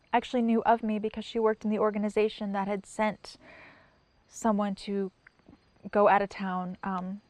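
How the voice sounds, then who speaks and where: Soft-spoken, halting woman in an interview. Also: medium pitch, no echo. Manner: soft-spoken, halting, with many pauses and restarts. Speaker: sign language interpreter. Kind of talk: personal testimony in an interview.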